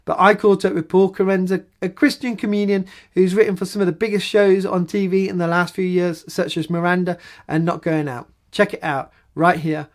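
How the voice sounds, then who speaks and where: A man's voice: sits high, flat delivery, brisk, few pauses. A man, a vicar, hosting an interview show in an upbeat way, asking loose questions that trail off into restarts.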